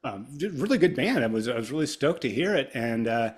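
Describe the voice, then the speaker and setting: A middle-aged guitarist from Ohio talks through his memories in a loose, rambling way. He drifts from one aside to the next and jumps into animated little impressions of the people he quotes. His voice sits at an ordinary middle pitch for a man. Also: fairly quick. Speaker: guest guitarist. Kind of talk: casual storytelling interview.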